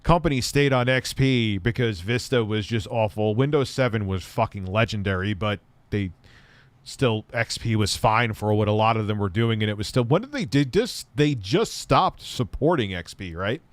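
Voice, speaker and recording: A man's voice: fairly low pitch, moderate pace, no room sound. A middle-aged man hosting a live tech stream, rambling and cracking crude jokes at his chat.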